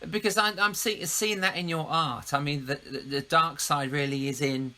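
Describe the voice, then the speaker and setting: A man's voice: on the high side, normal speed, pushed and bright. A man hosting a casual interview, chuckling and enthusiastic. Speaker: host.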